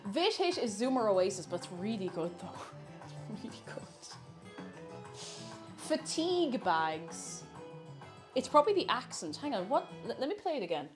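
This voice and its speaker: A woman's voice: on the high side, very animated, normal speed, pauses often, music in the background. A woman chatting casually while baking live in her kitchen, laughing often and reading out chat messages.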